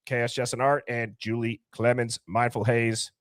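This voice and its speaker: A man's voice: mid-range voice, level tone, no room sound, studio quality. Chatty man hosting a live call-in stream. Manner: rapid shout-outs, playful and chatty. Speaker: live call-in show host. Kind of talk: casual live-stream chat.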